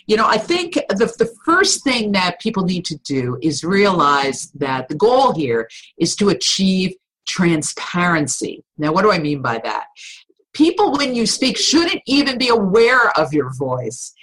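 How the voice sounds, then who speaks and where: A woman voice coach talks as a podcast guest in a slightly low, husky voice. She explains things with energy and coaching enthusiasm. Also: very animated, unhurried, fairly bright tone, poor audio. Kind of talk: podcast interview.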